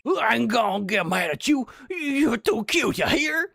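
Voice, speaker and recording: A man voicing a hot-tempered male mafia loan shark in a video game, talking in rough tough-guy slang. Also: extremely high pitch, big pitch swings, unhurried, sharp tone, dry recording, clean studio sound, pitched above the performer's own voice, heavily acted. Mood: fond.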